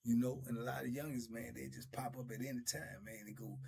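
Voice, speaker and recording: A man's voice: medium pitch, fairly even intonation, a little fast, vocal fry, a little mellow, breathy edge. A middle-aged man telling stories in a laid-back, drawling way, laughing often. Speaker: storyteller host. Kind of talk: casual storytelling.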